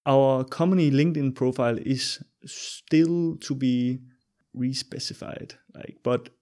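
A man's voice: mid-range voice, unhurried, darkish tone. Danish-accented man, friendly guest. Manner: friendly, loose, hesitant with fillers. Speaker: podcast guest. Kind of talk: casual interview chat.

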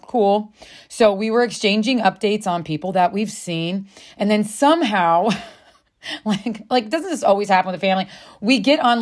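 A woman with a voice of ordinary pitch for her sex talks straight to the listener, candid and confiding. She swears freely and keeps calling her audience "friend" as she works through a personal story. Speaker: self-help speaker.

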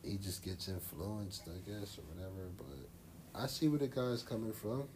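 A man's voice: lowish voice, expressive, normal speed, background noise. A man co-hosting a podcast, talking in a laid-back, rambling way full of slang and fillers. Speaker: podcast co-host. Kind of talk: casual chat.

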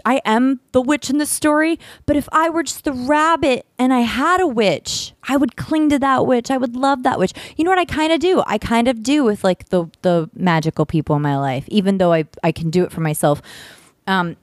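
A woman's voice: high-pitched, no room sound, clean studio sound. A woman co-hosting a podcast, telling stories casually and swearing freely. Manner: candid, swears freely, animated. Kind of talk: casual chat, storytelling.

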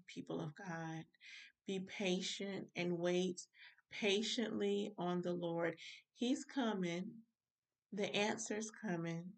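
A woman minister teaches scripture in a relaxed, informal way, talking straight to her listeners. Her voice sits low and keeps to a narrow, even range. She is heard from a little way off the microphone. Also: distant mic. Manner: informal, direct address to listeners. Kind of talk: Bible study teaching.

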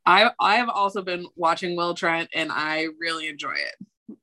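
Woman podcast co-host, upbeat casual chat, low-ish pitch, crisp and bright tone. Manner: enthusiastic, quick reactions.

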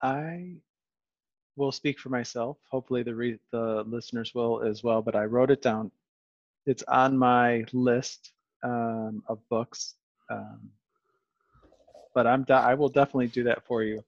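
A man's voice: medium pitch, fairly even intonation, measured pace, no echo. A man hosting a casual podcast, talking in a rambling, self-deprecating way with lots of restarts. His voice is recorded close and dry, with no room sound. The audio is a little dull and lo-fi. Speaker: podcast host.

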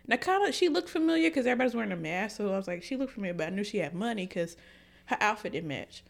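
Animated, swearing woman podcast co-host. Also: medium pitch, racing, gravelly. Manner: animated storytelling, swears freely. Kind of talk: casual chat.

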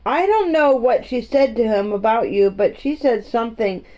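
A woman's voice: fairly high pitch, lively intonation, normal speed, dark tone, lightly acted. Woman doing a chatty maid. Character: cheerful young Yorkshire housemaid. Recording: muffled lo-fi recording.

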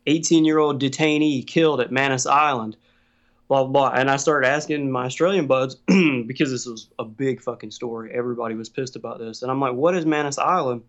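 A man's voice: mid-range voice, level tone, a little fast. A man telling a story in casual chat, swearing freely and laughing often. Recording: dull lo-fi sound.

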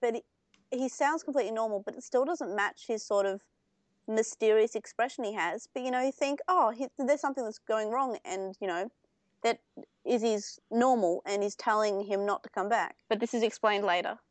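A young woman co-hosts a casual podcast, walking through an episode at length. She talks in a chatty way, full of fillers and restarts, at an ordinary middle pitch. Her voice is recorded dry and close to the mic. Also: moderate pace, no room sound. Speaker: podcast co-host. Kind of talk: casual chat comparing anime versions.

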